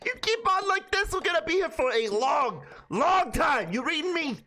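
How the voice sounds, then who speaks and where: A woman voicing a grumpy male mole who lectures the player in a gruff tough-guy drawl. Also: very high-pitched, bright, forceful tone, pitched above the performer's own voice, heavily acted. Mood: furious. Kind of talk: reading game dialogue aloud in character.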